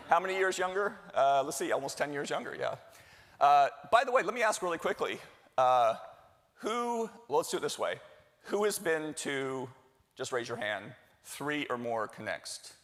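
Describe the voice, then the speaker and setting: Executive MC, middle-aged man, fairly high voice, chatty and crowd-working, reverberant hall. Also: animated, normal speed, a bit bright. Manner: jokey, chatty, works the crowd with questions. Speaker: executive director giving opening remarks. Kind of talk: live conference welcome speech. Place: large hall with live audience.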